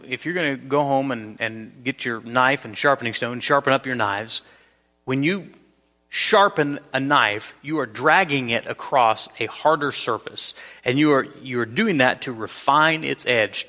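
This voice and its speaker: A man's voice: medium pitch, pushed and bright, in a large hall. A man preaching a sermon as pastor, earnest and emphatic, telling the story with frequent repeats.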